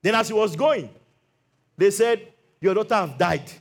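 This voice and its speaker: Brief: male pastor, high voice, lively sermon storyteller who voices the characters and calls for hallelujah. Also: normal speed, husky. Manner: animated storytelling, acts out Bible quotes.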